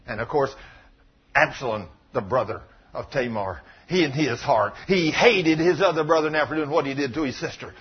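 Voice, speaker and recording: A man's voice: mid-range voice, moderate pace, husky, lo-fi sound. A man preaching a sermon, retelling a story with acted-out quotes and building to emphatic questions.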